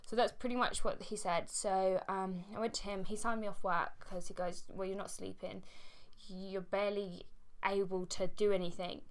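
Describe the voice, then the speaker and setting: A young woman telling a personal story to camera in a candid, halting way. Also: medium pitch, steady tone. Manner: candid, halting, with fillers and frequent laughs. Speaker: vlogger.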